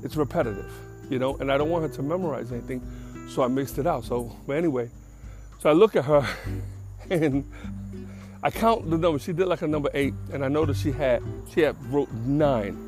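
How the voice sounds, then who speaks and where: A man's voice: medium pitch, a little fast, music in the background. An older man from the Bronx, a podcast host telling a casual story in a blunt, streetwise and profane way. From the Bronx, New York.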